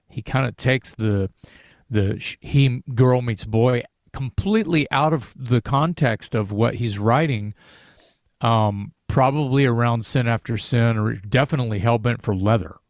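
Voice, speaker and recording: A man's voice: medium pitch, a little slow, dry recording, clean studio sound. A man in a casual podcast discussion about an album, talking in rambling sentences with many restarts and fillers.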